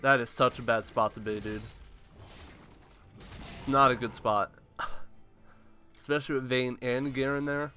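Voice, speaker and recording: A man's voice: medium pitch, level tone, unhurried, pauses often, pushed and bright, soft background music. A young man casually commenting on his own gameplay, chatty and reacting with sudden exclamations.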